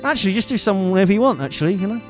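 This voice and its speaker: This live-streaming guitarist talks to his audience from a home setup in a high, expressive voice that races along. His chat is loose and playful, full of teasing jokes and affectionate asides.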